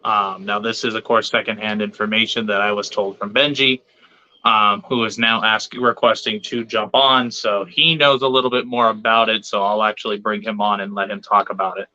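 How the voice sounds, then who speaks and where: Bright-voiced man hosting a stream. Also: fairly low pitch, fairly even intonation, normal speed, dull audio. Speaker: live stream host. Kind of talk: casual live stream talk.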